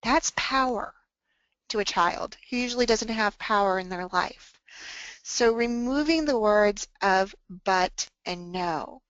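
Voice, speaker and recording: A woman presenting a workshop on tutoring, talking calmly and earnestly and acting out phrases to say to students. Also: mid-range voice, takes it slowly, dry recording, dull audio. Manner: calm, earnest, acts out example phrases to students. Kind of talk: workshop talk.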